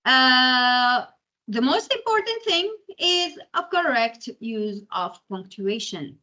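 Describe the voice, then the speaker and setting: Bright-voiced lecturer. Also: female voice, sits high, big pitch swings, takes it slowly, highs cut off. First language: Arabic. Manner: explanatory, keeps checking in with "okay?". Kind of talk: university lecture.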